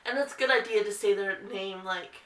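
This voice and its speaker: A woman dog trainer speaks casually, explaining each step of a training exercise. Her voice is bright and forward. She sits a little away from the mic, and the indoor room adds a clear echo. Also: a little fast, far from the mic. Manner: calm explaining, breaks into high sing-song calls to the dog. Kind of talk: casual instructional video. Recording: roomy echo, voice a bit off-mic.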